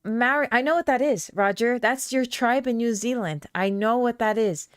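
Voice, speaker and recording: A woman whose first language is Aramaic runs a podcast live stream, casually chatting and reading viewers' comments aloud with fillers and quick laughs in a loose, playful manner. Her fairly high voice is clear and resonant, and the recording is dry and studio-clean.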